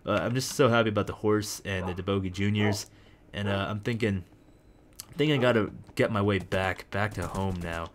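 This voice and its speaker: Excitable young man narrating his gameplay. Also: on the low side, fairly quick, a crowd in the background. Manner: excitable, rambling, jokey. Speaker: gaming video host. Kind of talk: casual let's-play commentary.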